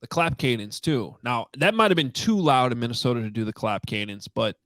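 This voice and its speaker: A man's voice: medium pitch, expressive, a little fast, fairly bright tone, dry recording, clean studio sound. Chatty male sports podcast co-host. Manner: chatty, many restarts and fillers. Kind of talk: casual sports talk.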